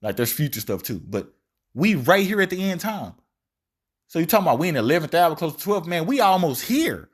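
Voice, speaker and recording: Animated street preacher, high and lively. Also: male voice, brisk, breathy edge. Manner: animated, slangy, acts out quotes in shifting voices. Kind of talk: street-style sermon on scripture.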